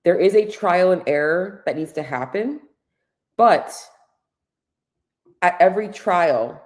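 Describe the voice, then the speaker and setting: Blunt, lower-voiced woman coach. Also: expressive, takes it slowly, a little mellow. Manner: blunt and candid, swears freely; earnest, coaching tone addressing women directly. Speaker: fitness and health coach. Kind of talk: solo podcast monologue.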